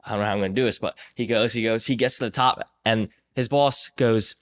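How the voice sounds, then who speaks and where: A man's voice: fairly low pitch, fairly quick. A young man hosting a podcast, telling stories casually and animatedly, acting out the people in them. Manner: animated storyteller, acts out quoted voices. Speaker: podcast host. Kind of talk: casual conversational storytelling.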